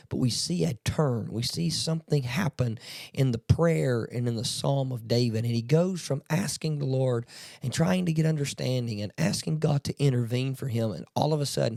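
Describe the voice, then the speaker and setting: A man's voice: medium pitch, gravelly, a little mellow, no room sound, studio quality. A man hosting a morning devotional, reading scripture aloud and then preaching on it earnestly and with emphasis. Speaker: devotional podcast host.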